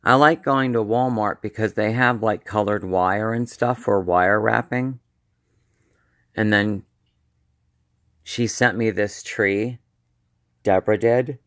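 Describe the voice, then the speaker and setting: A man with a somewhat low voice rambles through a casual show-and-tell, trailing off and restarting his sentences. He speaks slowly, with a slight lisp and a slightly slurred edge to his words. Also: fairly even intonation, fairly bright tone. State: slurred speech. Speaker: vlogger.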